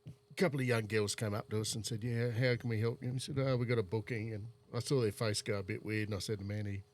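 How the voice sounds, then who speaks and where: A man's voice: lowish voice, fairly even intonation, fast talker. A man with an Australian accent, casually rambling through travel anecdotes on a chat podcast. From South Australia. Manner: rambling anecdotal storyteller, laid-back.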